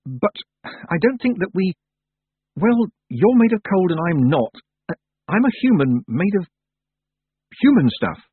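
A flustered young witch girl speaks up in a raised, halting voice, as a male reader puts her on. The tone is husky and lively in pitch, with a dry, narrow, phone-like sound. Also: no echo, full character voice. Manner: raised, hesitant girlish voice.

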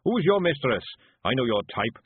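A man's voice: medium pitch, big pitch swings, moderate pace, husky, no room sound. A man voicing a pompous, short-tempered male dwarf shopkeeper who talks loftily and blusters, on a tinny recording. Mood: indignant. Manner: lofty, blustering, indignant. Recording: tinny phone-like audio.

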